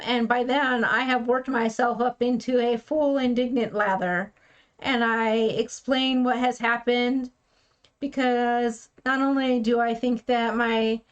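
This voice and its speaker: A woman's voice: fairly high pitch, lo-fi sound. A woman vlogger telling a personal story in a frank, plainspoken way, sometimes acting out what others said. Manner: frank and plainspoken, acts out quoted speech. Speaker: keto vlogger.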